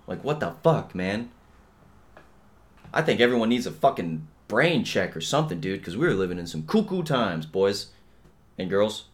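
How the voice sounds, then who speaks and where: A young man holds forth alone on his podcast in a loose, profane rant. His talk wanders and is stuffed with slang fillers. He drifts between quiet grumbling and sudden loud outbursts. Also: big pitch swings, moderate pace. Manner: profane, rambling, heavy on "dude" and "bro" fillers; swings between low mutters and loud outbursts. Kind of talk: casual ranting monologue.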